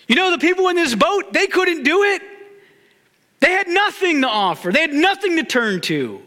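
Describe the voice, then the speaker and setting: High-voiced pastor preaching in a hall. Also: male voice, big pitch swings, normal speed, sharp tone. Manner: emphatic, repeating phrases for stress. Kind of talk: sermon.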